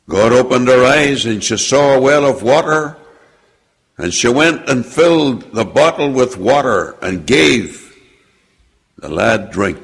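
A man preaching a sermon and reading scripture aloud, with slow, emphatic delivery that sinks low and quiet at the ends of phrases. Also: slightly rough. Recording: long hall reverb.

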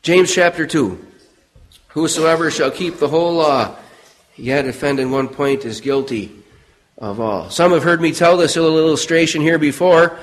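A middle-aged man preaching a sermon, telling a story earnestly and dropping low and quiet on solemn phrases. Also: poor audio.

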